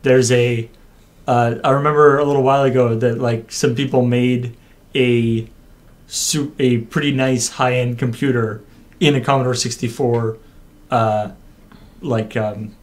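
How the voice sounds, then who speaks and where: A man's voice: mid-range voice, level tone, unhurried. A man co-hosting a stream, chatting casually with dry joking asides. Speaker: stream co-host. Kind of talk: casual chat.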